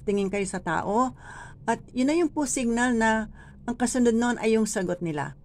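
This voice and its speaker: A woman with a Filipino accent training church readers, speaking deliberately and demonstrating phrasing by reading lines aloud. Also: a little high, a little mellow, a little hiss or hum. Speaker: lector trainer. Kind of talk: teaching scripture reading in a workshop.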